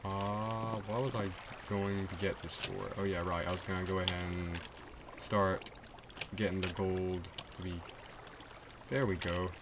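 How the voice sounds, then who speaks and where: A teenage boy streams a game and rambles casually, his low, flat voice unhurried and packed with fillers and restarts. Loud background noise fills the recording.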